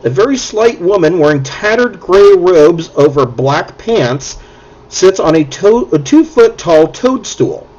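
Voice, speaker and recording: A man narrates a tabletop game as game master, his fairly high voice moving lively through measured, descriptive lines. The recording sounds dull, with a faint hiss underneath.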